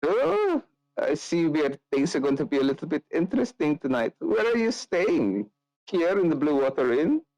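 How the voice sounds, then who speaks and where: A man's voice: a little high, sing-song, moderate pace, gravelly, a little mellow, no echo, voice pushed up, rough recording. A man voicing a drunk, boastful male tavern brawler who slurs and leers. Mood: boozy. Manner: slurring, boastful, leering.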